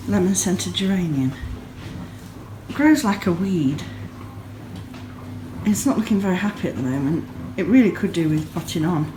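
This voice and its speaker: A woman in her thirties, a yarn dyer who vlogs, chats casually from her home craft room, sleepy and yawning while gushing about small pretty things. She has a mid-range voice, and there's background noise.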